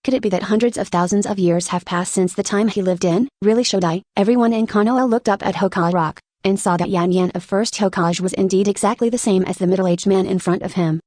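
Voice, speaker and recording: A woman narrating an audiobook in an even, unhurried reading voice, reading every character's lines alike. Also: medium pitch, no room sound, clean studio sound.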